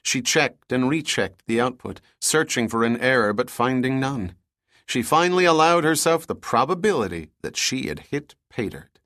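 Male audiobook narrator, average pitch, steady, dry close recording. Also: no room sound. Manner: steady, measured storytelling. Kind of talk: scripted narration.

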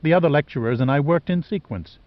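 A man voicing a cold, scheming wealthy woman who speaks calmly and mockingly, in an audiobook. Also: fairly high pitch, quick pace, dry recording, close to an everyday voice. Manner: calm, impassive, mocking. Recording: dull lo-fi audiobook recording.

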